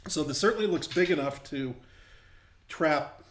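A man's voice: fairly high pitch, moderate pace, roomy sound. A man co-hosting a casual chat, rambling and restarting his sentences as he tells stories. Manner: rambling, self-interrupting storyteller. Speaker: co-host.

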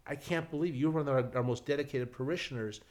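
A man voicing a kindly parish priest in a joke, speaking gently and reassuringly. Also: mid-range voice, fast, close to an everyday voice. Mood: astonished.

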